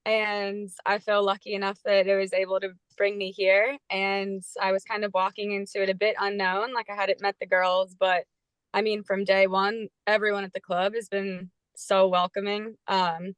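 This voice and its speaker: A woman's voice: mid-range voice, clean tone, no echo. A young American woman, a football player, answering interview questions over a video call in an earnest, casual way with filler words. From United States. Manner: earnest, warm about her team, with filler words.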